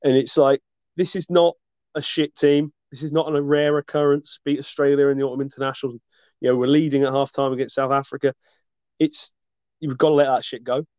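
A man's voice: medium pitch, little pitch movement, fairly quick, darkish tone, clear, resonant tone, no echo. A man co-hosting a casual sports chat, talking with passion and swearing freely. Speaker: podcast co-host. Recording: dull lo-fi dry recording.

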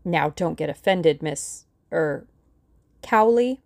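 A woman voicing a shrewd older male lawyer who speaks in a calm, dry, authoritative way. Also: low-pitched, slow, no echo, full character voice. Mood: measured.

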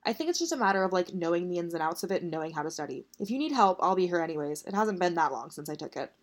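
A cheeky, easygoing young man at college, as a woman reading aloud puts him on, teasing and relaxed in a storybook telling. The voice sits a little low. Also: very fast.

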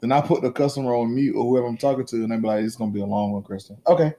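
A man in his thirties co-hosting a casual podcast chat, telling animated, teasing stories about his kids with plenty of profanity. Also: medium pitch, rapid-fire. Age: 30s. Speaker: podcast co-host.

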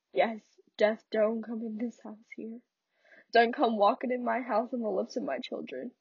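A woman's voice: a little high, a little mellow, husky, no echo, recorded from a distance. A woman reading the part of a stern older mother who heads her household and questions her daughter in firm reproach, on a slightly muffled recording.

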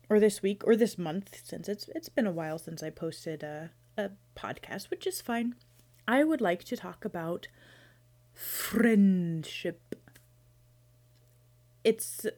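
A woman's voice: lowish voice, unhurried, dark tone. A woman in her thirties hosting her own podcast, chatting casually and playfully, rambling with restarts. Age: 30s. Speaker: podcast host. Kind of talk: casual solo podcast chat.

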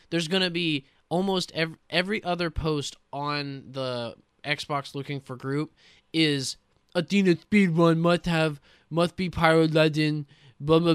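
Man, podcast host, excitable rant, cursing, smooth clear voice, dry sound. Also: fairly high pitch, dry recording. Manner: ranting, swears often, excitable. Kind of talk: casual gaming chat.

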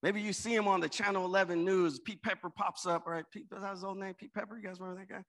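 A man preaching a sermon in church, calling out to the congregation and swinging between loud and soft. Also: sits high, steady tone, fast talker. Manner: call-and-response preaching, rising and dropping volume. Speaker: pastor. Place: church with an in-person and online congregation.

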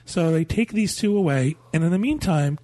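Mellow husky man chatting. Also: a little high, animated, moderate pace, no room sound. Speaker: podcast co-host. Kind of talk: casual chat.

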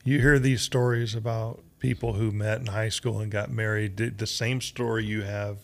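A man's voice: fairly low pitch, little pitch movement, moderate pace, vocal fry. A man hosting a casual interview, teasing his guests and laughing easily. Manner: teasing, emotional, laughs often. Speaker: podcast host.

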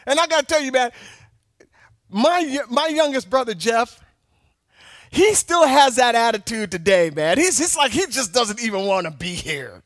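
A man's voice: very high-pitched, big pitch swings, moderate pace, fairly bright tone, no echo, clean studio sound. A male pastor preaching a sermon, telling personal stories with emphatic repetition.

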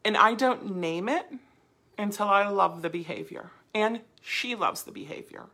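A bright, gravelly-voiced woman leads a dog training lesson. She talks in a chatty, animated way and slips into playful voice demonstrations. Her tone is slightly husky. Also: mid-range voice, unhurried. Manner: lively, chatty teaching with playful voice demos.

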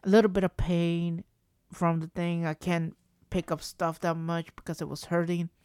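A man's voice: on the high side, moderate pace, smooth, dry recording. Rambling, swearing young-sounding man. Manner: rambling, animated, swears, repeats and restarts. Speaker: vlogger. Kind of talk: casual storytelling.

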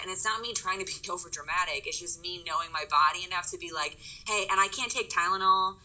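A woman's voice: lowish voice, fairly quick, few pauses, sharp tone, poor audio. A young woman talking casually and openly in a conversation, with many fillers. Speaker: guest sharing her experience. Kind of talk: casual chat.

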